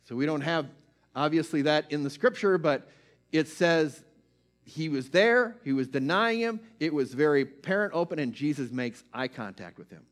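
A man's voice: a little high, expressive, moderate pace. A man preaching a sermon in a conversational way, checking in with listeners and retelling scripture stories with feeling.

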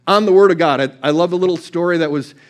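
A man's voice: a little high, fast talker. A man preaching a sermon, passionate and repetitive, quoting scripture again and again. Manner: impassioned, repeats scripture over and over. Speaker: pastor.

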